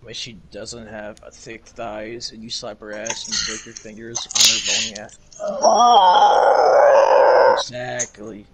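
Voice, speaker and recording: A young man joking and making quick callouts while gaming with friends. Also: on the low side, level tone, heavy background noise. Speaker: gamer in voice chat. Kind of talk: casual gaming banter.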